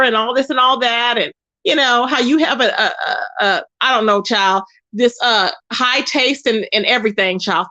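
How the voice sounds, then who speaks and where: High bright-voiced woman ranting on a livestream. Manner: indignant, repetitive, calling out by name. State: tired. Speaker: livestream host. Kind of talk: ranting live stream commentary.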